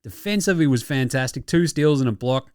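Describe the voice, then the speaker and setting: A young Australian man hosting a podcast, excitable and slangy, swearing freely in casual sports chat. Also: medium pitch, fairly quick, clear, resonant tone, no room sound, studio quality. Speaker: podcast host.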